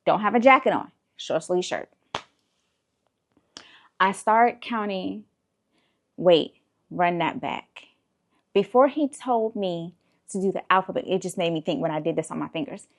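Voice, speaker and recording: Casual woman vlogger, 30s, lowish voice, exasperated and animated storyteller. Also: a little slow, long pauses. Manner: animated, exasperated retelling with profanity.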